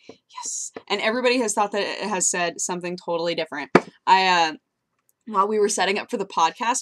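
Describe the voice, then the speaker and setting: A woman's voice: mid-range voice, fairly bright tone. A young woman vlogging casually into her webcam, telling rambling stories with frequent giggles. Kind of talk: casual chatty vlog.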